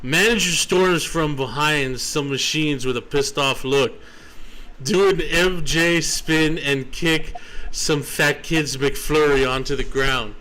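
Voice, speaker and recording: A man's voice: a little high, pushed and bright, poor audio. A man hosting a stream, chatting casually and reading stories aloud, laughing as he reads. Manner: laid-back, drawn-out delivery, laughs through reading. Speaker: streamer and host.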